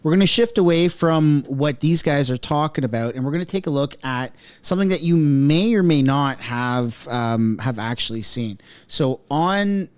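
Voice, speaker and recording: A man's voice: fairly high pitch, expressive, moderate pace, hardly any pauses, clean tone, no echo. A man hosting a casual online commentary show, chatty and mocking, talking straight to his viewers. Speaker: political commentary host.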